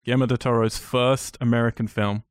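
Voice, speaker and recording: A man in casual film chat, keen and rambling, often restarting his sentences. His voice sits at an ordinary middle pitch. The recording is dry and close, with no room sound. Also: little pitch movement, a little fast, clear, resonant tone, no room sound. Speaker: podcast co-host.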